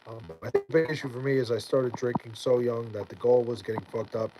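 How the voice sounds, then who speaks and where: A man's voice: mid-range voice, fairly even intonation, fast, music in the background, poor audio. A man livestreaming late at night, chatting with viewers in a rambling, tired way full of fillers and restarts. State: tired, near bedtime. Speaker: livestreamer reading chat.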